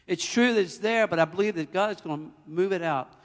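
A man preaching a sermon as pastor, emphatic, swinging between loud declarations and hushed, personal storytelling. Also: high-pitched, fairly quick, long reverb tail.

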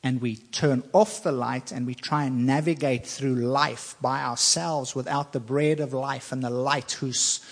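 A man preaching a sermon, speaking with slow emphasis and repeating phrases to drive points home. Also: mid-range voice, fairly even intonation, in a large hall.

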